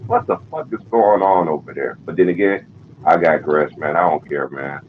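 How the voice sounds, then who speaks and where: A man's voice: a bass voice, expressive, moderate pace. A man on a sports panel call, ranting in a profane, exasperated way. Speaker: panel guest. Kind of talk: heated sports chat. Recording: dull lo-fi call audio with faint noise.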